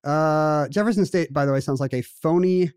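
A man trades wry, joking asides in an easygoing podcast conversation. His voice sits a little high for a man. It comes across close and dry, with no room sound. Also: normal speed, a little mellow, clean tone, no room sound. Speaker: podcast co-host. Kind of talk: casual chat.

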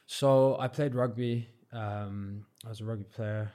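A young man from Cornwall with a southern English accent, telling stories as a podcast guest in a relaxed, modest way with plenty of fillers. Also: on the low side, a little slow. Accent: southern English, not Cornish. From Cornwall, England. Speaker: podcast guest, football freestyler. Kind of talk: casual chat.

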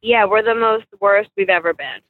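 A woman calling in by phone from a car, chatting in a brash, loud, bubbly way. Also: medium pitch, lively intonation, moderate pace. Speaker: guest. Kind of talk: casual chat. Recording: tinny phone line.

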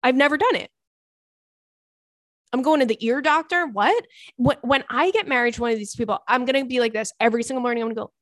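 A young woman hosts a casual podcast, reading listener notes and reacting with profane, animated asides. Her voice sits fairly high. The sound is dry and close to the mic. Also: fast, pauses often, no room sound. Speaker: podcast host. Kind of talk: casual comedic chat reading listener messages.

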